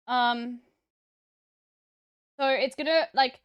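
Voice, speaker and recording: Woman streamer, casual rambling chat, slightly high voice, dry close sound. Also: moderate pace, a bit bright, clear, resonant tone, no echo. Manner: rambling, with many fillers. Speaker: streamer and voice actor.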